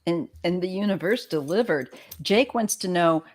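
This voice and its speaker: A woman's voice: on the low side, expressive, normal speed, a little mellow. A woman in casual conversation, reacting supportively and sharing her own stories. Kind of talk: casual chat.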